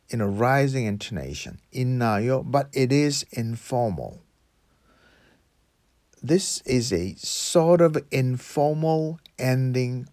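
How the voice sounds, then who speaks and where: A man's voice: mid-range voice, darkish tone, no echo. Patient male teacher, dry sound. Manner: patient, repeats each phrase slowly. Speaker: Korean language teacher. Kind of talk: slow explanatory lesson.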